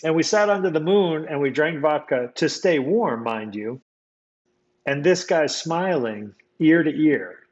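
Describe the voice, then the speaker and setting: A man from the United States, a guest telling a personal story in relaxed, casual conversation, reflective and often restarting his sentences. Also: on the high side, a little slow, lo-fi sound.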